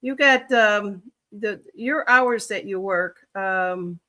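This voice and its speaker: A woman's voice: mid-range voice, slow pace, sharp tone. A woman from Chicago with a Chicago accent, chatting casually on a livestream as a reader, rambling and thinking aloud with many fillers.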